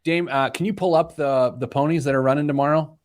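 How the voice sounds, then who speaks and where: A man's voice: a little high, steady tone, fast talker. A middle-aged man hosting a money radio show, joking loosely with his co-host. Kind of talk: casual banter, then show intro.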